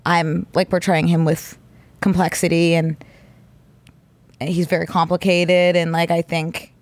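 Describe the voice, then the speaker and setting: A woman's voice: lowish voice, little pitch movement, measured pace, no echo. A young adult woman co-hosting a podcast in casual chat, telling stories with lots of "like" fillers. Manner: chatty, filler-heavy storytelling with lots of "like". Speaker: podcast co-host.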